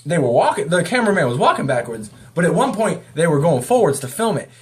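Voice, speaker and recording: A man's voice: fairly high pitch, big pitch swings, fast talker, slightly rough. A man giving a casual, rambling spoken review of a video, talking off the cuff.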